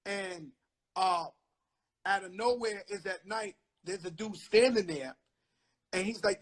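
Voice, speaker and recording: A husky, fairly high-pitched man with a New York accent tells street stories in a lively, profane way. He hosts a casual chat over a phone live stream, often acting out the voices he quotes. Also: normal speed. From the Bronx, New York. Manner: animated, swearing, acts out quotes loudly. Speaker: host. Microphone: phone on a live video stream.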